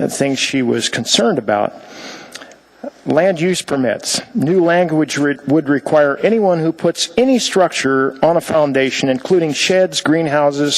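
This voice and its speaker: Halting man giving public testimony. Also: mid-range voice, rough recording. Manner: halting, many fillers, reads from a letter. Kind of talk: public testimony at a city assembly. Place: council chamber.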